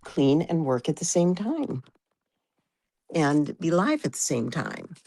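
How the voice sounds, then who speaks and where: A woman's voice: deep voice, sing-song, slow, creaky, mellow. A woman streamer greeting her viewers in a chatty, self-mocking way during a live stream. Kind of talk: casual livestream chat.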